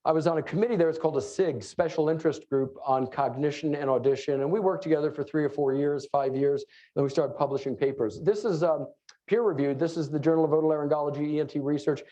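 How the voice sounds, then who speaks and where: Fast-talking New York man lecturing. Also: a little high, steady tone, warm tone. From New York City. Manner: fast-talking, joking asides, many fillers. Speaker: conference lecturer. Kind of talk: live conference presentation. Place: conference room before an audience. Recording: dull lo-fi room recording.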